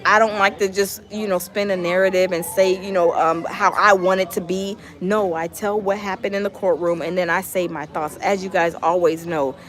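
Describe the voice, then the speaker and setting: A woman hosting a casual live stream, chatting and reading out viewer comments with lots of fillers and animated asides. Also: on the low side, moderate pace, few pauses. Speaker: livestream host.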